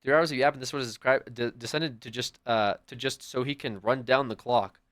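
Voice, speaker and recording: A man livestreaming and chatting casually with his viewers in a rambling, profane, animated way. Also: mid-range voice, a little fast, few pauses.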